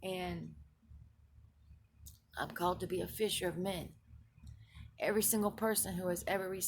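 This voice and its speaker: A woman with a noticeably gravelly, fry-laden voice tells the story of a dream and what she believes it means. She speaks earnestly and emphatically, circling back over her words and restarting phrases. A faint hiss of noise sits under her voice. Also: on the low side, steady tone, normal speed. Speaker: Christian video blogger. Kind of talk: recounting a dream and its spiritual meaning.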